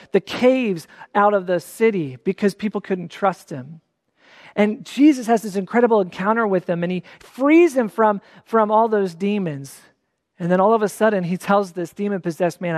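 A preacher delivering a sermon in a relaxed, talky manner, stressing key words by repeating them. The voice sits at a middle pitch, and a long hall reverb trails behind each phrase. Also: normal speed, studio quality. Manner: conversational, with restarts and emphatic repeats. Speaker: pastor.

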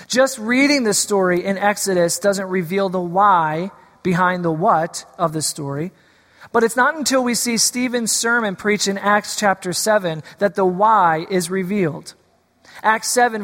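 A man's voice: high-pitched, a bit bright. Guy pastor preaching, kinda jokey then serious, church echo all around. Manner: playful, teasing, then earnest preaching. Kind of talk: sermon. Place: church sanctuary. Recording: long hall reverb.

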